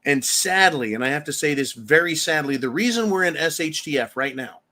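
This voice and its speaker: A man's voice: fairly high pitch, expressive, fairly quick, bright, forceful tone. Emphatic man hosting a talk show. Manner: rambling, emphatic, mocking voices for quotes. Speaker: show host. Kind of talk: opinionated talk-show commentary.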